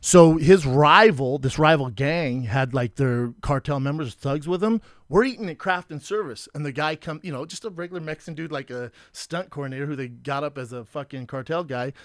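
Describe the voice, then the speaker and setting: A man in his thirties hosting a podcast, telling animated stories and acting out the quotes in a casual chat. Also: on the high side, a little fast, few pauses, dry recording, studio quality. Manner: animated storyteller, acts out quotes. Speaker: podcast host.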